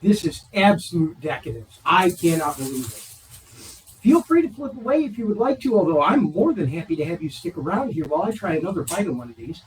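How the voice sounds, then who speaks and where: A man's voice: high voice, very animated, a little fast, recorded from a distance, a little hiss or hum, poor audio. A man hosting a charity live stream, chatting while he bakes and gushing with enthusiasm.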